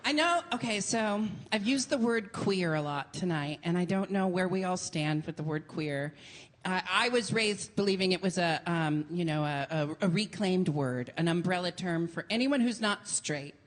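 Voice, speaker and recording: A woman from Portland, Oregon, performing a theatrical stand-up set with camp flair and sudden shouted rants. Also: lowish voice, animated, moderate pace. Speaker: stand-up comedian. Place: comedy venue with a laughing audience. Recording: live stage mic, audience noise.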